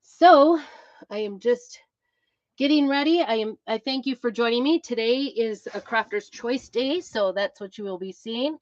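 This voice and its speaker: Middle-aged woman, crafting livestream host, chatty, greets viewers, fillers, somewhat high voice, dull lo-fi sound. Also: expressive, unhurried, no room sound. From Idaho, USA. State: a bit out of breath. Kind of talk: casual live crafting chat.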